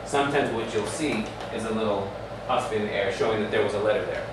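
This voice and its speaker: A man with a fairly low voice speaks quickly while patiently teaching a Hebrew lesson, drilling the class and often pausing to check in with questions. The recording sounds distant, in an echoey room with a faint hum.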